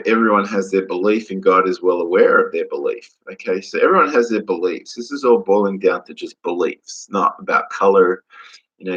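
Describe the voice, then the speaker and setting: A man with a notably low voice talks to camera on his own. His delivery is loose and wandering, full of "you know" and false starts as he jumps between ideas. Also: fairly bright tone, rough recording. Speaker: vlogger. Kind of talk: rambling solo monologue. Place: lives in Australia.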